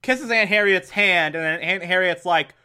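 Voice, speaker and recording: A man giving a casual, animated recap of a show episode, exasperated and laughing between points. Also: high-pitched, moderate pace, noisy background.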